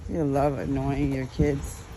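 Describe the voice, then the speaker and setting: A woman's voice: a bass voice, little pitch movement, slow. Congested woman rambling on a walk. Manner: chatty, rambling, laughs at herself. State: congested, stuffy nose. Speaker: vlogger. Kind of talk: casual walking vlog. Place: outdoors, walking. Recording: outdoor noise behind.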